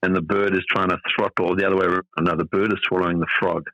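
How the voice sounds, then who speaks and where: A middle-aged man from South Africa speaks as a podcast guest in a very low voice. He talks in a thoughtful, rambling way, full of fillers. The sound is dull and dry. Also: little pitch movement, racing, gravelly, pushed and bright, no echo. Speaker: tennis coach guest. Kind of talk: reflective podcast interview.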